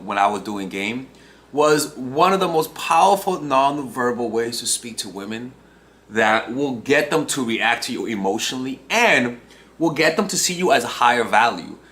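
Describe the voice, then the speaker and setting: A man's voice: mid-range voice, expressive, moderate pace, bright, forceful tone. A man in his twenties, a dating coach talking casually to camera, restarting phrases and often tagging on "right?". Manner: talks in loose restarts and checks in with "right?".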